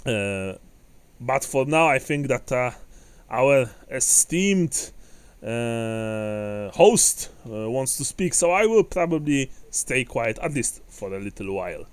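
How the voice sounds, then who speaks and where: A thunderous, boastful dwarf warrior with a big, hearty voice, as a game master puts him on. He bellows his lines louder and higher than his plain talk. The sound is clean and close. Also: expressive, takes it slowly, smooth, dry recording. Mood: boisterous. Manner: loud laughing bellow. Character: boisterous male dwarf warrior, booming and boastful.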